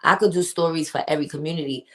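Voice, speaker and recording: A woman's voice: sits low, racing. A woman hosting a casual livestream podcast, chatty and emphatic, reading out and answering her live chat. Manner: chatty and emphatic, greets viewers by name.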